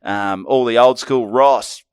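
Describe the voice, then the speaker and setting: A man's voice: medium pitch, takes it slowly, clear, resonant tone, no echo, clean studio sound. A middle-aged Australian man telling a rambling, sweary story on a podcast he co-hosts. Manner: rambling, swearing, animated anecdote. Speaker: podcast co-host. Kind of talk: casual storytelling chat.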